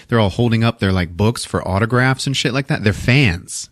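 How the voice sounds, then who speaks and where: A man's voice: fairly low pitch, a little fast, dry recording, clean studio sound. A man casually recapping a movie on a podcast, swearing a lot and acting out the characters' lines in put-on voices. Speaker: podcast host recapping a film.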